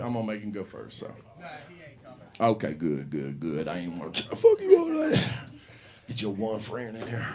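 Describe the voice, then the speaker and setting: A man hosting an open mic comedy night, telling a rambling, profane story to the crowd. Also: medium pitch. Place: comedy club. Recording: live room with audience.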